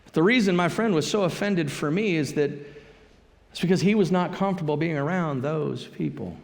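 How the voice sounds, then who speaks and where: A man preaching a sermon as a pastor, telling a story in a conversational, animated way. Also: on the high side, a little fast, gravelly, in a large hall. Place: church sanctuary.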